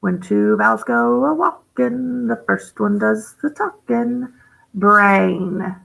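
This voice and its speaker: A woman's voice: fairly high pitch, slow, gravelly, fairly bright tone, low-quality recording. A woman teaching a phonics lesson to young children, thinking aloud as she codes words and gasping with delight at each new rule. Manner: encouraging, gasps with delight at new rules.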